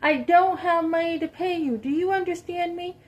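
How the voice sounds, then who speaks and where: A woman mimicking a shrill, insistent debtor. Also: fairly even intonation, moderate pace, darkish tone. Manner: insistent, repetitive pleading. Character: frantic, evasive woman insisting she can't pay.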